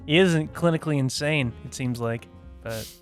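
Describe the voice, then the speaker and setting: A man's voice: a little high, normal speed, faint music behind. A man co-hosting a casual movie podcast, giggling often and rambling with lots of "like" and "you know". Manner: giggly, filler-heavy rambling. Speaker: podcast co-host.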